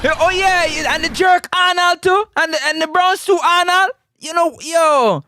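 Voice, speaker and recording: A man's voice: very high voice, moderate pace, noisy background. A man with a Jamaican accent hosting a live sports talk stream, teasing viewers playfully and laughing often.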